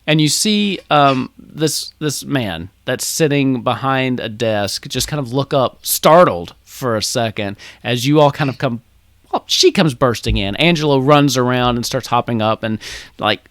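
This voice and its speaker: A man's voice: medium pitch, animated, unhurried, dry recording, studio quality. Rambling man narrating as game master. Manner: rambling, lots of ums and laughs.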